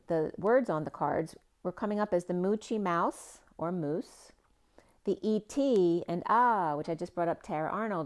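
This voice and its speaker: Woman tarot reader, somewhat low voice, rambling associative delivery with lots of fillers. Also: a little mellow. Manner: rambling, free-associating, with many fillers and trailing phrases. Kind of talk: spiritual tarot reading monologue.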